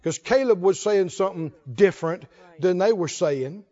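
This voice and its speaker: A man's voice: high-pitched, expressive, normal speed, mellow, dull audio. A man preaching a sermon, asking questions and answering them in a folksy, call-and-response way.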